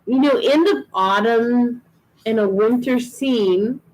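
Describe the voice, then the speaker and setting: A woman's voice: fairly high pitch, slow pace, a little mellow, low-quality recording. A woman giving a live tarot and oracle card reading, chatty and reassuring, with frequent ums and restarts. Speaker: tarot reader.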